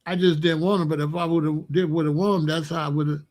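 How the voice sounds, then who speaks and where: A man's voice: fairly high pitch, level tone, brisk, darkish tone. A middle-aged man hosting his own channel, telling blunt, profane, slang-heavy stories in a casual monologue. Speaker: host.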